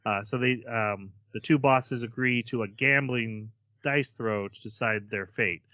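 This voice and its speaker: Bright-voiced man casually recapping. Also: mid-range voice, unhurried, no echo. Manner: chatty, hesitant with fillers, acts out quotes. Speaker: podcast host.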